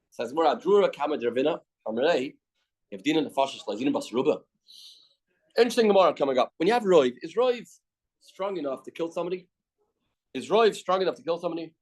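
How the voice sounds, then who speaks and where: Man, Canadian accent, Talmud teacher, fairly high voice, reads Aramaic and explains in English, repeats key phrases. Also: breathy edge, low-quality recording. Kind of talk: daily Talmud class.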